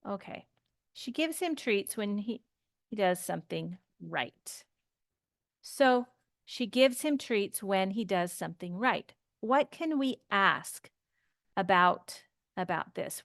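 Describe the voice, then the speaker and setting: A woman's voice: medium pitch, lively intonation, takes it slowly, gravelly, long pauses, a bit bright, no room sound, studio quality. A woman teaching English grammar, explaining patiently step by step with example sentences. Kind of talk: slow grammar lesson.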